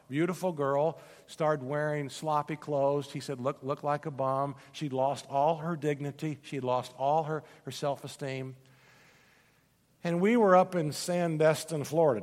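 A man's voice: mid-range voice, long reverb tail. A man preaching a sermon as pastor, telling stories with frequent stammered restarts. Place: church sanctuary.

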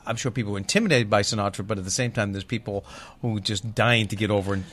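A man hosting a podcast interview, casual and halting as he asks questions. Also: fairly low pitch, fairly bright tone. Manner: halting, many fillers and restarts while asking. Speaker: podcast host.

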